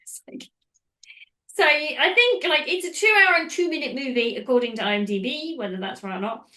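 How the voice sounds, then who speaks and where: A woman's voice: sits high, expressive, fairly quick, pushed and bright. A woman hosting a podcast, recapping a film in casual, rambling chat that goes off on tangents. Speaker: podcast host.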